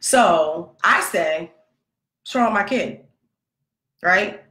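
Woman host, lower voice, animated storyteller who plays the voices, roomy echo. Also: very slow. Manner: animated, conversational, acts out quoted dialogue. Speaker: podcast host, mother. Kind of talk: casual storytelling monologue.

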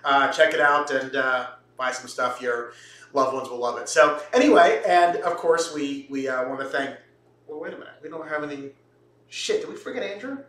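A man's voice: fairly high pitch, animated, normal speed, fairly bright tone. A man hosting a home cooking show, joking and rambling with lots of fillers and restarts. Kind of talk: casual cooking show banter. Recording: roomy, from a distance.

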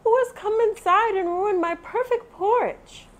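A woman's voice: extremely high pitch, unhurried, pitched above the performer's own voice. A woman voicing a fussy, proper mother bear in a storybook read-aloud. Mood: indignant.

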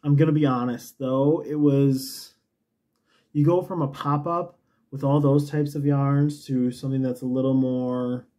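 A man's voice: mid-range voice, fairly even intonation, measured pace, dark tone. A man hosting a knitting show, talking casually in a chatty, rambling, self-mocking way. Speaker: knitting podcast host. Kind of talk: casual chat.

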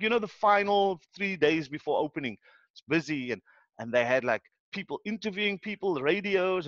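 A man's voice: fairly high pitch, no room sound, highs cut off. A man from Cape Town with a South African accent, a podcast guest telling a story in a casual way and acting out what people said. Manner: animated, acts out what people said.

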